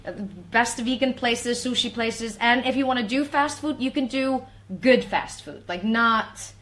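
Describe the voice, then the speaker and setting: A woman in her forties, a native Icelandic speaker talking in English, chatting bubbly and fast on a livestream. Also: on the high side, fairly bright tone. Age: 40s. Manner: bubbly, chatty, breaks into song. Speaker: guest singer on livestream. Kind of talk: casual livestream chat.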